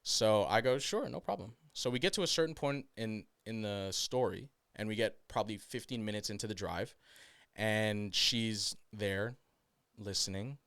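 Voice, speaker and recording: A man co-hosting a podcast, telling a story in a casual, animated way, laughing often and swearing freely. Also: on the low side, normal speed, smooth, no echo, studio quality. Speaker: podcast co-host.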